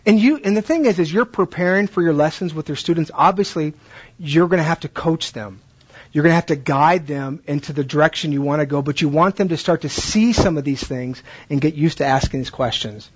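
A man's voice: fairly high pitch, fairly quick, husky, lo-fi sound. A man training Bible teachers in a conversational way, asking questions and acting out classroom exchanges.

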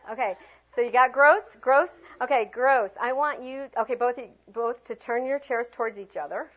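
A woman leading a teaching workshop, animated and chatty, swinging her voice high and low to demonstrate tone and prompting the group with lots of fillers. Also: moderate pace. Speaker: teacher trainer. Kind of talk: classroom workshop talk. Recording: dull lo-fi room recording.

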